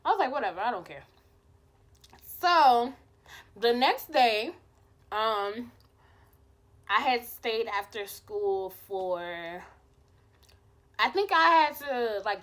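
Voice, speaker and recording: A woman's voice: a little high, lively intonation, measured pace, long pauses, fairly bright tone. A young woman vlogger telling a personal story in casual chat, acting out the quotes and swearing freely. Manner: chatty, acts out quotes, swears.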